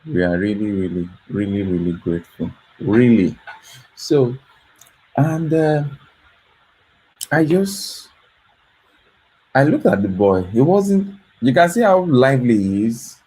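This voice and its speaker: A man's voice: medium pitch, expressive, slow, pauses often, warm tone, slightly rough, poor audio. A man running a foundation, talking earnestly in a late-night video, tired and yawning, repeating his words with gratitude. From Africa. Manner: repetitive, earnest, grateful. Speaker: foundation host.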